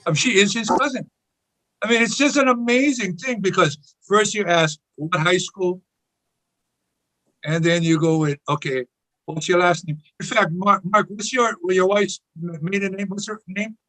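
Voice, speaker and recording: An older man talks in a playful, chatty way, his voice high and bright. He keeps a friendly conversational rhythm on the panel. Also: moderate pace, rough recording. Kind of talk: casual chat.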